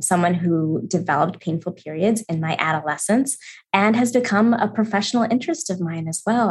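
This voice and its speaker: A woman adolescent medicine doctor, a podcast guest, explaining things in a calm, measured way. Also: mid-range voice. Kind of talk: podcast interview.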